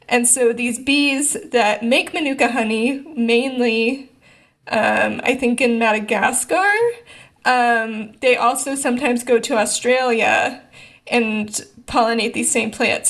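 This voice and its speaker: A woman's voice: fairly high pitch, fairly bright tone. A woman in a book club discussion, telling a meandering story with frequent laughter. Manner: rambling storyteller, laughs often.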